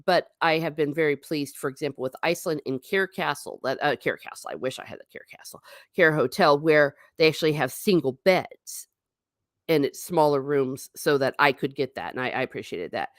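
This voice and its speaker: A woman's voice: brisk, dry recording, studio quality. A middle-aged woman hosting a livestream, chatting casually and rambling, reading comments from chat. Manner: chatty, rambling, animated pitch swings.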